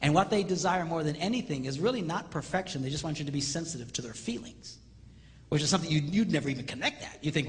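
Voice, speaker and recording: Male seminar speaker, high and wildly lively, reverberant auditorium. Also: fast talker. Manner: animated, acts out quoted voices for laughs. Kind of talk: live comedic lecture. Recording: reverberant hall with faint noise.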